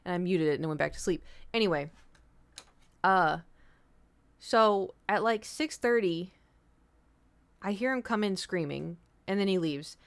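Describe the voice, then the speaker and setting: A woman's voice: fairly low pitch, expressive, unhurried, pauses often, clean tone. A woman streamer chatting casually with viewers, telling a rambling story with swearing and the odd whispered aside. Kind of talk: casual chat.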